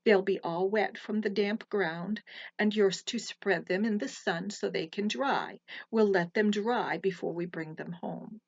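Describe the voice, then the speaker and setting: A woman voicing a patient farming father calmly giving instructions in a folktale. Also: medium pitch, measured pace, no echo. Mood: instructive. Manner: calm, instructive. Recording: slightly muffled recording.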